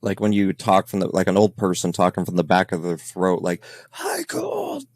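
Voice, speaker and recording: A man with a deep, low voice talks through ghost-hunt evidence in a relaxed, rambling podcast chat. He leans on fillers and trails off at times. The sound is dry and close, with no room echo. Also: brisk. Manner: loose and rambling, with many fillers. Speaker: paranormal investigator reviewing evidence.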